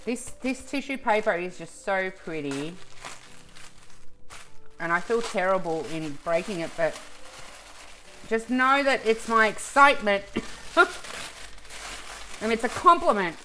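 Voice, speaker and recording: A woman's voice: mid-range voice, lively intonation, a little slow, long pauses, sharp tone, slight background noise. A woman in a casual unboxing vlog who gushes with emotion and often breaks off in the middle of a sentence. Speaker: vlogger.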